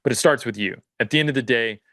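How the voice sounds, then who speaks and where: Man guesting on a podcast, earnest, kinda searching for words, bright clear voice, dry close mic. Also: medium pitch, fast, dry recording. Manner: earnest, searching, lots of fillers and restarts. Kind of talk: casual reflective conversation.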